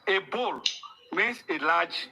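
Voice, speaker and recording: A man's voice: sits high, animated, slow, vocal fry, a crowd in the background. A man with a Nigerian accent, a panelist in a heated debate, firmly repeating his points.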